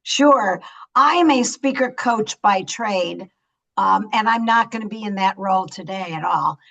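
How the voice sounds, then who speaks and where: An older woman moderating a virtual fireside chat over a video call, talking in an animated, effusive way. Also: medium pitch, unhurried, vocal fry, low-quality recording. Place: Los Angeles.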